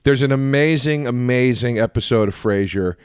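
Animated, swearing man in casual chat. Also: mid-range voice, normal speed, smooth, no room sound, clean studio sound. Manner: animated storyteller, swears freely, acts out quotes. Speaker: podcast co-host.

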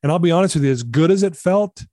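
A man's voice: on the high side, lively intonation, fast, mellow, no room sound, studio quality. A man telling a personal story as a podcast guest, earnest and confessional, acting out the dialogue he quotes. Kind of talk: storytelling interview.

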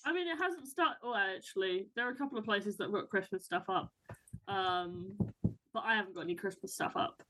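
A woman's voice: mid-range voice, fairly quick, pushed and bright, a little hiss or hum. A woman co-hosting a podcast, chatting casually and teasing with frequent laughs. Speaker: podcast co-host. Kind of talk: casual chat.

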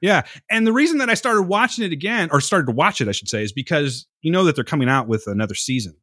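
A man's voice: fairly high pitch, animated, fast talker, a bit bright, dry recording, studio quality. A man co-hosting a casual podcast, arguing heatedly, swearing and laughing often. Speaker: podcast co-host. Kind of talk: casual chat.

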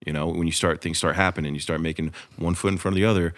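Brief: male podcast host, very low voice, quick earnest delivery. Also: fairly even intonation. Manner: earnest, motivational. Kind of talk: casual podcast conversation.

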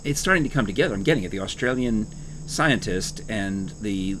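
A man's voice: fairly low pitch, expressive, fairly quick, noisy background. A man hosting a casual chat, teasing and playful.

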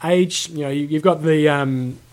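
Halting male podcast host. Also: on the high side, a little mellow. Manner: halting, many fillers and restarts. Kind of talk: casual chat and interview.

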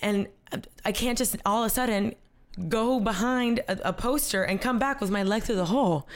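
A woman's voice: on the high side, normal speed. A young woman telling a story as an interview guest, acting out quotes and laughing often. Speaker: guest, content creator.

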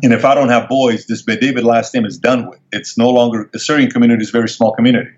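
A man telling a personal story as an interview guest, animated and acting out the people he quotes in a higher voice. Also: very fast. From Middle East. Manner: animated, acts out quoted dialogue in raised voice. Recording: dull lo-fi sound.

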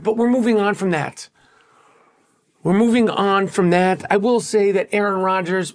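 A man's voice: sits high, moderate pace. A man with a New York accent hosting a podcast, ranting in a brash, profane, repetitive way. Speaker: podcast host.

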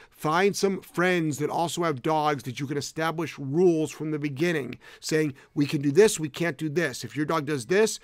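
A man's voice: on the high side, no room sound. Casting: middle-aged man, blunt and profane dog trainer, dry close sound, live-stream chat.

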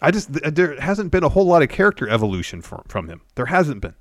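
A man's voice: fairly high pitch, very animated, quick pace, a bit bright, no room sound, studio quality. A male podcast co-host casually recapping a wrestling show step by step, with plenty of filler words.

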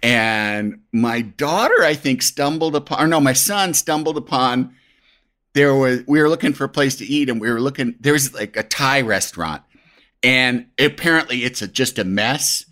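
A man's voice: medium pitch, expressive, moderate pace, pushed and bright. A middle-aged man hosting a podcast in casual chat, rambling with many restarts. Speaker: podcast host.

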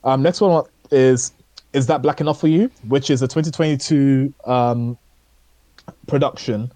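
A man's voice: medium pitch, measured pace, dark tone, no echo. A man co-hosting a podcast, chatting casually about shows he watched, rambling and hesitant with many fillers. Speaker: podcast co-host. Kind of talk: casual chat reviewing shows.

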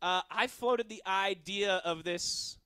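Bright, high-voiced man hosting sports radio. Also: slow pace, smooth, dry recording, clean studio sound. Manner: jokey, energetic, chatty. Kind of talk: upbeat sports talk radio banter. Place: radio studio. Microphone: studio microphone.

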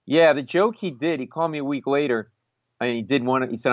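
A man's voice: mid-range voice, fairly quick, dry recording. A man from Rhode Island, a comedian and former lawyer, telling a story casually with many restarts and self-mocking asides. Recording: dull lo-fi, dry sound.

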